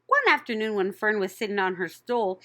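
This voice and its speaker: Narrator: woman, bright voice, lively pitch, children's story reading. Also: a little fast. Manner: expressive, animated. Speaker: audiobook narrator.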